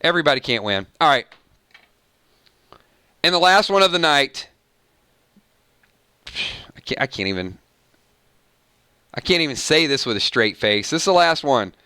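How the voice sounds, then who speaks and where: On his casual live stream, this host talks with viewers and playfully sings song snippets with lively energy. He speaks at a normal speed with long pauses, and his voice sits on the high side, clean and free of room sound.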